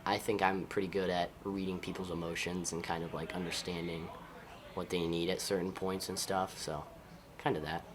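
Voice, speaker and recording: A high school senior football player from Ohio with an Ohio accent, answering interview questions in an easygoing, upbeat way. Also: male voice, level tone, normal speed, a crowd in the background. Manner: upbeat, easygoing, laughs often.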